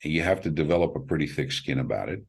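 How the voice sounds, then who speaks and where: Middle-aged male director, very low and husky, animated storyteller who performs the voices of people he quotes. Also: fast talker. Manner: animated, acts out quoted voices with big pitch jumps, laughs. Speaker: film director. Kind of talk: casual interview storytelling.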